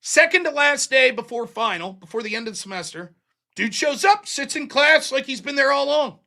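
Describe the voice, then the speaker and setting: The speaker is a live stream host with a very high voice, lively intonation, and a brisk delivery that sounds pushed and bright. He's telling a lengthy, rambling story, swearing casually and filling gaps with fillers.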